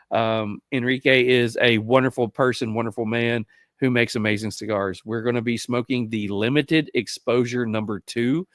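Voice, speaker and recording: A man's voice: mid-range voice, a bit bright, dry recording. A man hosting a casual podcast, wrapping up the episode in a rambling, affectionate, joking way. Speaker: podcast host. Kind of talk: casual chat.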